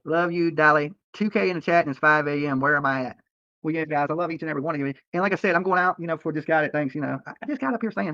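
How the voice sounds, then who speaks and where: A man's voice: fairly high pitch, expressive, rapid-fire, fairly bright tone, no echo. A man live-streaming from a hotel room, ranting at critics in a profane, heated and repetitive way. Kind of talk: late-night livestream rant. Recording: dull lo-fi stream audio.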